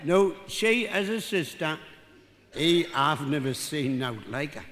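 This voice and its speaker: Taking it slowly, a Geordie comedian in his later years from North East England delivers a meandering, self-mocking routine full of audience banter. His fairly high voice is very animated and a bit bright. Slight background noise and faint crowd ambience come through from the live hall.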